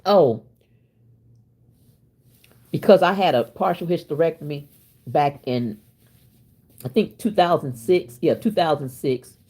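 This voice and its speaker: Chatty husky-voiced woman in her fifties. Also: sits low, expressive, unhurried, long pauses, dark tone. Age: 50s. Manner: chatty, laughs often, talks straight to viewers. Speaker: channel host. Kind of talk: casual chat to viewers.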